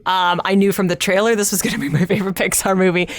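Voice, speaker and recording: A woman's voice: mid-range voice, fairly even intonation, fast. Bubbly woman chatting on a podcast. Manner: enthusiastic, laughs often. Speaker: podcast co-host. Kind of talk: casual chat.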